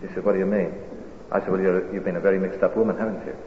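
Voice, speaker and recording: A man preaching a sermon, telling a story with animated, swelling delivery. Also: low voice, very fast. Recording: echoey hall, dull lo-fi sound, faint hiss.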